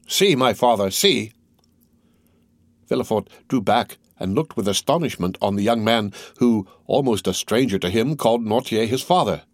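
A man narrating a classic novel in a steady, unhurried reading. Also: on the low side, no room sound, clean studio sound. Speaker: audiobook narrator.

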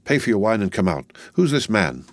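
A man's voice: big pitch swings, brisk, dry recording. A man doing a curt, furtive brother. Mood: furtive irritable. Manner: curt, low and hushed. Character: furtive, irritable man hiding as an official.

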